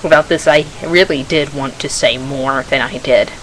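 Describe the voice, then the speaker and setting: A woman's voice: extremely low pitch, moderate pace, a bit bright, a little hiss or hum, poor audio. A woman vlogging to camera in a rambling, chatty way, correcting herself as she goes, with a slightly froggy throat. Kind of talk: casual chat to camera.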